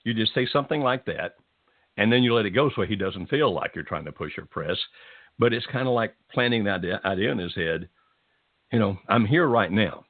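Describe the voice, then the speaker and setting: Low husky guy giving gentle advice on a call-in show, sounds tinny like a phone line. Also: fairly quick, no echo. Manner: calm, gentle, reassuring advice. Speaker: radio advice host.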